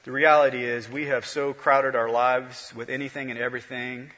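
A male pastor preaching a sermon, with a repetitive cadence that swings between loud peaks and hushed lines. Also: medium pitch, little pitch movement, moderate pace. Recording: long hall reverb.

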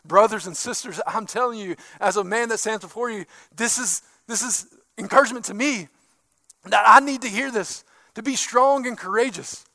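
A male pastor preaching a sermon, swinging from loud emphatic bursts to hushed, quiet asides. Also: high-pitched, normal speed, gravelly, no room sound.

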